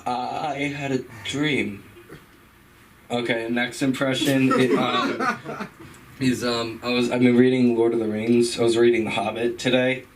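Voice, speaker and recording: A man's voice: mid-range voice, little pitch movement, moderate pace. A man doing stand-up at an open mic, casual and rambling, laughing at his own jokes. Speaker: stand-up comedian. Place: comedy club stage. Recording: distant mic, background noise.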